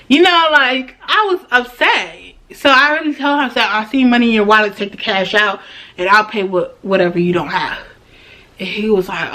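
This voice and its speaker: A woman in a played clip who tells a personal story as a rant, in a blunt, profane and animated way. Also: on the high side.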